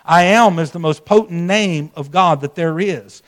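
Emphatic male preacher, higher voice. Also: measured pace. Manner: emphatic preaching with sudden drops to a soft voice; folksy, conversational storytelling. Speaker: pastor. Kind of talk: sermon.

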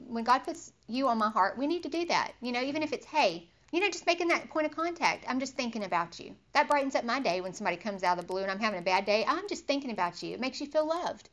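A woman's voice: fairly high pitch, animated, fast, hardly any pauses, a bit bright. A woman giving an informal Bible lesson, chatty and personal, acting out little scenes and laughing as she goes. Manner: chatty, acts out quoted inner thoughts, laughs easily. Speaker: Bible study teacher.

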